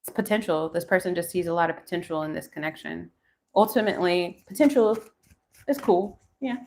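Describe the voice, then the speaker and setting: Woman in her forties, tarot reader, live reading, lowish voice, thinks aloud. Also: a little fast, darkish tone. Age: 40s. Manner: musing, thinking aloud between card pulls.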